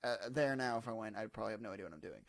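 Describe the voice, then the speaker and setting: Brief: man, 20s, vlogger, tired and hungover, rambling and self-mocking, gravelly voice, dry close sound. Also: fairly low pitch, animated, rapid-fire, no room sound. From United States. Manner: digressive, self-deprecating, full of fillers. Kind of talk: casual rambling monologue to camera.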